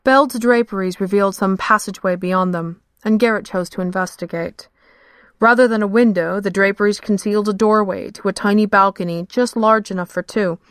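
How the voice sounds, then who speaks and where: A woman reads a fantasy story aloud in a measured, steady voice. Her pitch sits in the middle of the range. The recording is close and dry. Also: dry recording. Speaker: narrator. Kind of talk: scripted fiction narration.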